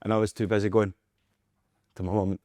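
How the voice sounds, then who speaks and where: A man with a Scottish accent, a guest performer telling animated, self-mocking stories with laughter in a casual chat. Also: lowish voice, brisk, dry recording, clean studio sound. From Scotland.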